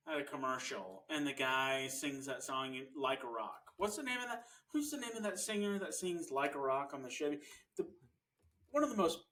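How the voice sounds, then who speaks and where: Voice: medium pitch, a bit bright, distant mic. A podcast co-host in casual, playful chat, telling an old story from school days.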